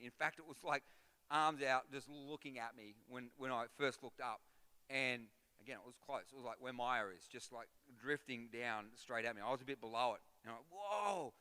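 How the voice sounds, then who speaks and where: A middle-aged man preaching a sermon as a guest pastor, telling a story with animation and building to loud, rhythmic exhortation. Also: mid-range voice, steady tone, fairly quick, clean tone. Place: church auditorium. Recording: reverberant church hall.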